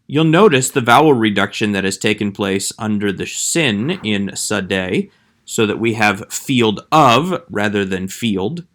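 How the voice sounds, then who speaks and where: A man giving a scripted Hebrew grammar lecture as a voice-over, measured and slowing down to sound out each Hebrew word. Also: lowish voice, fairly bright tone. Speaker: Hebrew instructor.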